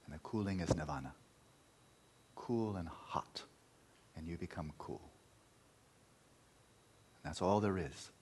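A man's voice: low-pitched, unhurried, long pauses, a little mellow, slight background noise. A man teaching meditation in a dharma talk, emphatic, repeating key words and at times dropping to a near-whisper.

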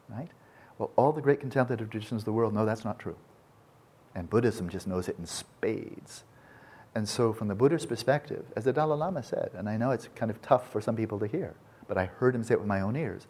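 Lecturing informally on Buddhism and science, a man with a lowish, slightly mellow voice and a breathy edge talks briskly. He digresses, frequently restarts his sentences, and speaks enthusiastically.

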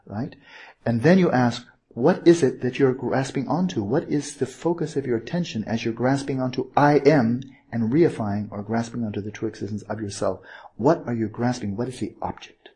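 A man with a deeply husky, breathy voice delivers a meditation teaching at a mid-range pitch. He wanders and corrects himself mid-sentence, then drives points home with rhetorical questions. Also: dark tone. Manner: digressive, self-correcting, asks rhetorical questions. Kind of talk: informal Buddhist teaching talk.

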